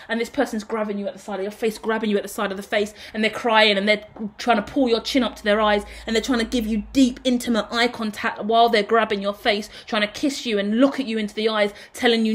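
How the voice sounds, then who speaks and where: A woman giving a casual tarot reading to her viewers, excitable and swearing freely, breaking into shouts and laughter. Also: a little high, fast talker. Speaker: tarot reader.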